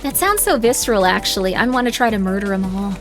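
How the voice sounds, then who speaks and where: Fast-talking and very animated, a woman with a medium-pitched, slightly bright voice chats through a gaming stream. She rambles with plenty of filler and heavy use of "like," as faint game music plays.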